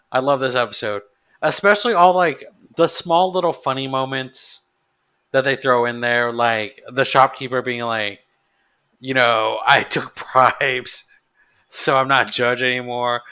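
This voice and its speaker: A man's voice: medium pitch, normal speed, sharp tone, clean tone. A man co-hosting a podcast, chatting casually and enthusiastically about the parts of an episode he loves. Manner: enthusiastic, repeats that he loves things. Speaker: podcast co-host. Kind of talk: casual chat.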